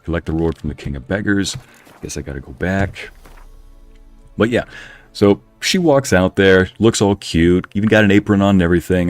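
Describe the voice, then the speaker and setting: A man's voice: low-pitched, brisk, soft background music. A man streaming a game, telling a long rambling story with frequent laughs while muttering at the game. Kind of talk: casual chat while playing a game.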